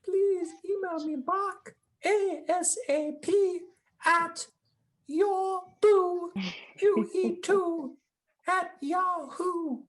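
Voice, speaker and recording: A performer voicing a deepfake elderly British queen who hosts the show, prim and stilted. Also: drawn-out words, exaggerated voice, poor audio. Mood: regal. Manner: mock-regal, prim and stilted.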